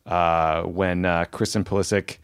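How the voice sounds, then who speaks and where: A man hosting a casual podcast, talking in a relaxed, easygoing way and quick to approve. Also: sits low, clear, resonant tone. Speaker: podcast host.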